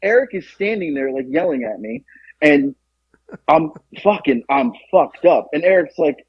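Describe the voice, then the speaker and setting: A young man co-hosting a podcast, telling a story in a casual, animated way and acting out the quotes. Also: unhurried, slightly rough, no room sound. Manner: animated, acts out quotes with jumps in pitch. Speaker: podcast co-host. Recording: dull lo-fi, dry.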